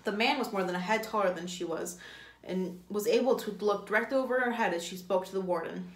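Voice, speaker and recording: A woman's voice: medium pitch, fairly quick. A woman, a teacher, reading a novel aloud, with occasional slips and self-corrections. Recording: echoey room.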